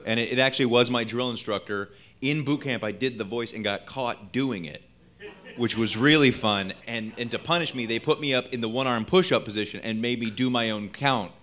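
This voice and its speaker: A male comedian from California chatting in an interview on a comedy theater stage, joking and landing quick punchlines. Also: mid-range voice, a bit bright. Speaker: comedian and impressionist guest. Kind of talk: casual interview chat.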